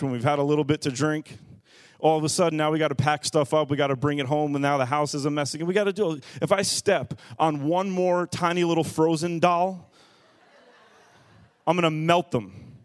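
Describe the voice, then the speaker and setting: A man in his thirties preaching a sermon as a pastor, telling family stories with animated swings in loudness. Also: on the high side, dry recording, studio quality. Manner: storytelling, animated with rising shouts.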